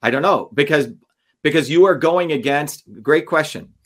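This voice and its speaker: A man telling a long story in an interview, animated and acting out the voices of others as he goes. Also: fairly high pitch, normal speed. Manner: animated, acts out courtroom dialogue. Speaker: guest.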